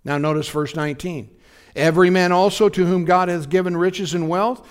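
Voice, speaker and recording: A male pastor delivering a midweek sermon in an easy, conversational way. His voice sits a little higher than most men's. He keeps asking the congregation whether they are with him. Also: fairly even intonation, moderate pace, clear, resonant tone.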